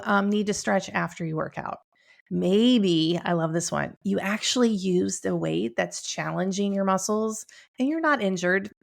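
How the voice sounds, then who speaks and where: A woman's voice: medium pitch, creaky. A middle-aged woman hosting her podcast in casual, chatty talk, upbeat and laughing often, speaking from a room at home. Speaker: podcast host.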